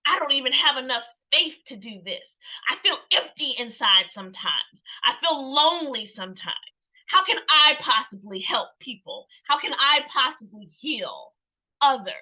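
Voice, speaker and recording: A woman's voice: high voice, expressive, moderate pace, pushed and bright. A woman, a Christian counselor, giving an earnest, reflective faith talk, musing aloud, asking herself questions and often laughing. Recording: dull lo-fi sound.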